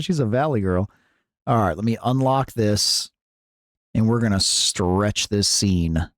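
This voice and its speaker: A man's voice: on the low side, animated, measured pace, no echo, clean studio sound. A man hosting a live stream, chatting casually with viewers in a playful, jokey way and often laughing.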